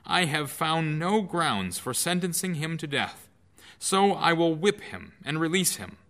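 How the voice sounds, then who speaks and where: A man's voice: on the high side, big pitch swings, unhurried, fairly bright tone, pitched above the performer's own voice. A man reading the lines of an anxious, insistent Roman governor, pressing his questions with a raised voice. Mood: pleading.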